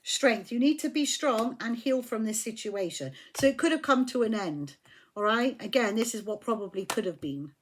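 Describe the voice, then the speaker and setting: A woman's voice: on the high side, expressive, normal speed, slight background noise. Blunt, emphatic woman reading tarot. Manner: blunt, emphatic, swears when riled. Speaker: tarot reader.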